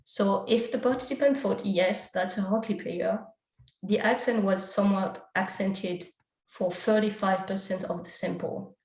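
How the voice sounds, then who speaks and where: Speaking slowly in a steady, darkish mid-range voice, a woman presents at an academic conference, guiding listeners through slides and survey findings step by step. She frequently reads out the survey questions as she explains. The sound is echoey and the recording quality is low.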